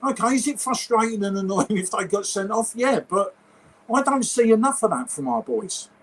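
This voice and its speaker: A man's voice: sits high, animated, moderate pace, a little hiss or hum, low-quality recording. A man, co-hosting a casual football podcast and giving blunt, sweary opinions. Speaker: podcast co-host. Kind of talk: casual chat.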